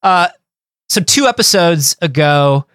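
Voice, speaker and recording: A man with a fairly high speaking voice chats casually as a podcast co-host. He talks in loose, rambling stretches and piles up fillers as he thinks aloud. The sound is close and dead dry, with no room in it. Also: animated, measured pace, fairly bright tone, clean tone, dry recording. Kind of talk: casual comedic chat.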